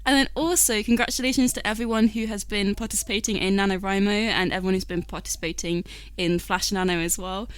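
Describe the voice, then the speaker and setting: A woman co-hosting a writing podcast, bubbly and quick to laugh in casual chat. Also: mid-range voice, fairly even intonation, smooth, no echo. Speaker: podcast co-host.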